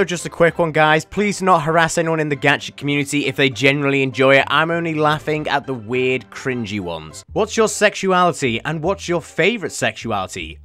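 A man's voice: on the high side, fairly bright tone. A young man giving sarcastic, mocking reaction commentary as a YouTube host. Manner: sarcastic, mocking, often laughing.

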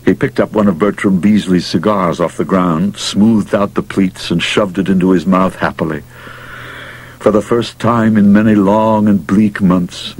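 Husky, low-voiced male story narrator. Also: low-quality recording. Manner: dramatic, expressive reading. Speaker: audiobook narrator.

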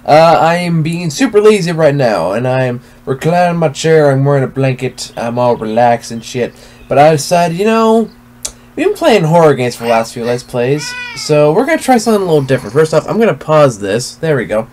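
A man's voice: fairly high pitch, big pitch swings, a little fast, darkish tone, slight background noise. A man hosting a let's play at home, reclining in his chair and giving casual, laid-back commentary with frequent swearing as he thinks aloud.

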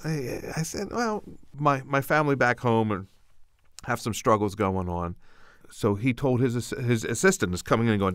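A man's voice: mid-range voice, moderate pace, smooth, no room sound, clean studio sound. An older man, a podcast co-host, telling a personal story in casual chat and acting out the quotes. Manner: animated anecdotal storyteller, acts out quotes.

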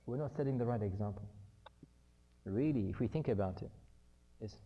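A man's voice: lowish voice, moderate pace, husky, highs cut off. A man giving a conversational talk on parenting. He acts out everyday family dialogues and repeats his key points. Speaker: speaker on parenting. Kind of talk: conversational lecture.

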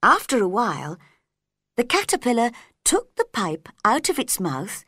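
A woman reading a story aloud for English learners, clear and careful. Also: a little high, huge pitch swings, a little slow, fairly bright tone, no echo, clean studio sound.

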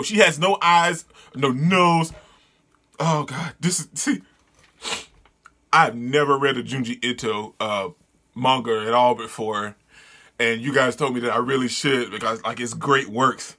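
A man reading a comic aloud and reacting with excited, disgusted exclamations and yelling. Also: mid-range voice, normal speed. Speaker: manga reader and reviewer.

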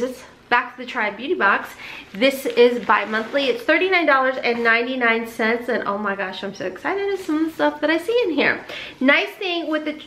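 A woman chatting excitedly through a beauty box unboxing, gushing and addressing viewers as y'all. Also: a little high, roomy sound, slight background noise. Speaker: beauty vlogger. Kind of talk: casual unboxing chat.

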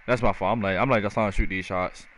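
Young male streamer, bright voice, loose slangy banter while gaming. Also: on the low side, fairly even intonation, fast, slight background noise. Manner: laid-back, slangy trash talk. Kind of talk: casual live gameplay commentary.

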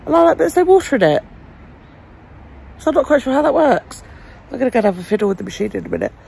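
A woman's voice: a little high, lively intonation, racing, gravelly, a little mellow, slight background noise. A woman vlogging casually, venting her frustration and swearing freely. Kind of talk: casual vlog monologue.

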